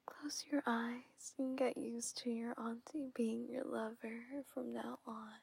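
A teasing, possessive aunt, as a woman acts her out in whispered role-play. The whisper is high and slow, drawn out almost to a crawl. A gravelly fry runs beneath the breath. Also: flat delivery, darkish tone, no echo, exaggerated voice. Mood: soothing, possessive.

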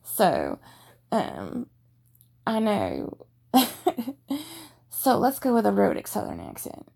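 A woman's voice: on the high side, big pitch swings, slow, creaky, pauses often, warm tone, breathy edge. A woman chatting casually to listeners about fulfilling a role-play request, rambling and self-deprecating with many hesitations.

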